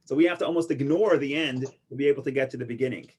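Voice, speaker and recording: A man teaching an informal Torah class, an animated storyteller with many restarts who gets loud for punchlines. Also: mid-range voice, very fast, slightly rough. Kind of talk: informal Torah lesson with stories and jokes.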